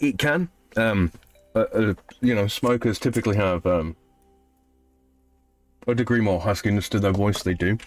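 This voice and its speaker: This is relaxed live-stream chatter over gameplay from a man in his thirties, who reads out viewers' messages and answers them in a loose, rambling way. His pitch is fairly low, with no echo in the audio.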